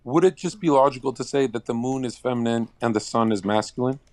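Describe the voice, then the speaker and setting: A man's voice: mid-range voice, quick pace, darkish tone, no echo. A man calling in to a casual chat, provocative and crude, laughing at his own bits. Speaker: caller.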